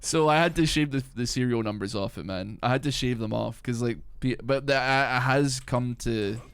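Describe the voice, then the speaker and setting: A young man with a softened Glasgow accent rambles through casual stream talk, peppering it with "like," "man" and swearing. His voice sits at an ordinary middle pitch. He sounds loose, chatty and offhand while he plays. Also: fairly even intonation, normal speed, clean tone. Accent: Glasgow Scottish, softened. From Glasgow, Scotland. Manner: rambling, profane, full of "like" and "man". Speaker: game streamer. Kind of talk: casual live-stream chat while gaming.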